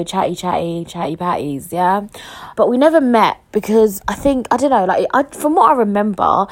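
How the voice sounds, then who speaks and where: Woman, young adult, solo podcast host, casual rambling chat, self-mocking jokes. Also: mid-range voice. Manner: rambling, jokey, self-mocking, jumps between thoughts.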